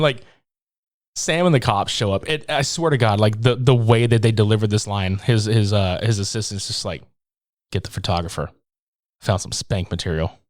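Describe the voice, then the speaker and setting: A man's voice: fairly low pitch, no room sound, clean studio sound. A man co-hosting a podcast in casual chat, recapping a movie with lots of swearing and laughter and acting out quoted lines. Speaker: podcast co-host.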